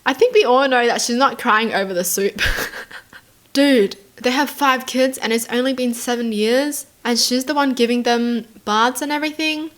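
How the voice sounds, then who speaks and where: A woman's voice: on the high side, moderate pace, a bit bright. A woman from Australia reading online stories aloud and reacting to them in a chatty, casual way, full of "like" and "dude". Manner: chatty, lots of "like" and "dude", giggly asides.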